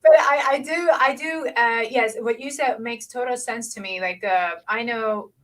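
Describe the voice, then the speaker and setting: Slightly high-voiced woman hosting a chat. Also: moderate pace, rough recording. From Lebanon. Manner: chatty and personal, many fillers. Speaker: podcast host. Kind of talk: conversational interview.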